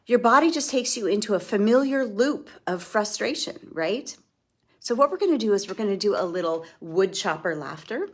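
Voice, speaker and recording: A middle-aged woman leading a guided breathing and laughter exercise in a slow, soothing way as a wellness instructor. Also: mid-range voice. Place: indoors, moving around in front of a camera.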